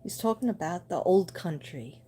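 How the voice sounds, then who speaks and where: A woman doing a livestream spirit reading as a psychic medium, gentle and reassuring, repeating her messages. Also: lowish voice, lively intonation, normal speed, soft background music.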